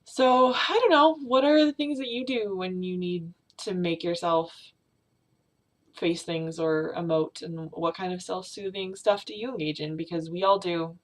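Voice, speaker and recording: A young woman speaks to her camera in a personal confessional vlog, her voice sitting a little low for a woman. She is close to tears and talks haltingly, stopping and restarting with many fillers. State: tearful, on the verge of crying. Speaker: vlogger.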